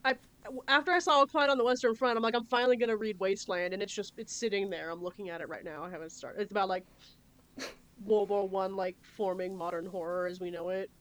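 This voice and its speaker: A woman talks through recent films in a loose, chatty podcast conversation. She laughs often and swears freely, with a middle-range pitch. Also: steady tone, quick pace, fairly bright tone. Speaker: podcast co-host. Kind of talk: casual chat.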